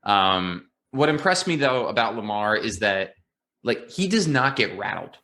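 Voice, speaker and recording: A man's voice: fairly low pitch, big pitch swings, measured pace, pushed and bright. A man co-hosting a casual sports podcast, talking earnestly and emphatically with frequent fillers. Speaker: podcast co-host, football fan.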